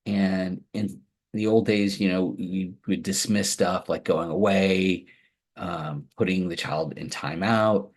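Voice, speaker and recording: A man giving a training lecture to caregivers in a soft, warm way, often checking in with "right?" and repeating "again". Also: low-pitched, fairly even intonation, takes it slowly, slightly rough.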